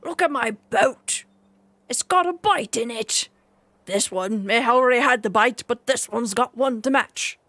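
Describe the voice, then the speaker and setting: A woman's voice: fairly high pitch, fairly bright tone, no echo, pitched above the performer's own voice. A woman voicing a nervous male boat owner who stammers as he backs down. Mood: boastful. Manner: stammering, hurried backpedalling.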